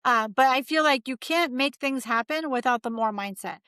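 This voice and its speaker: A woman's voice: sits high, normal speed, bright, forceful tone, clean tone, no room sound. A woman in her forties, a mindset coach talking as a guest in an upbeat, emphatic, motivational way. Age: 40s. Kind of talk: casual interview chat.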